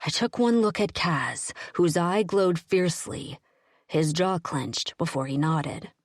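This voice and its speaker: A woman with a lowish voice reads an audiobook aloud in the first person, keeping her storytelling steady and even. The sound is close and dry, with no room around it. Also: slow, dry recording. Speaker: audiobook narrator.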